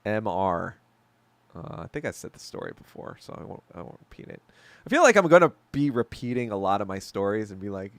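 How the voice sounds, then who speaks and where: This man hosts a solo podcast livestream, fielding viewer questions in a blunt, swear-heavy rant full of fillers and sudden topic shifts. His fairly low, slightly bright voice swings widely in pitch, moves a little fast, and carries vocal fry in a dry recording.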